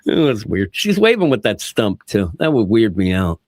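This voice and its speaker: A man co-hosting a casual podcast chat, his pitch swinging widely as he talks. He keeps slipping into quick quoted voices. The sound is dry and close. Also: dry recording. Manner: animated, acts out characters' lines in quick quoted voices. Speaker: podcast co-host reviewing comics.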